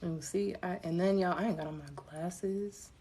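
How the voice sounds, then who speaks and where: A woman tarot reader chatting casually with viewers on a home live stream, relaxed and self-mocking. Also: on the low side, moderate pace, slight background noise. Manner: relaxed, chatty, laughs at herself, addresses viewers as y'all.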